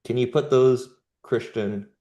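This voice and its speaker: A man's voice: mid-range voice, measured pace, dull audio. A man hosting a live trading show, giving casual market commentary in jumpy bursts with slangy asides. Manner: animated, jumpy delivery with sudden emphatic bursts.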